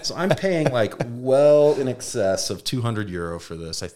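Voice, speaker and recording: A man co-hosting a podcast, telling a long story in casual chat, animated, swearing now and then, acting out other people's words. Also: mid-range voice, moderate pace. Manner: animated anecdote teller, mimics voices, swears. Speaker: podcast co-host.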